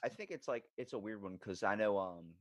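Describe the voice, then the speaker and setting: A man hosting a podcast, chatting casually and telling stories in a teasing, animated way. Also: lowish voice, a little fast, no room sound, muffled recording. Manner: animated, teasing storyteller, laughs a lot. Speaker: podcast host. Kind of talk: casual chat.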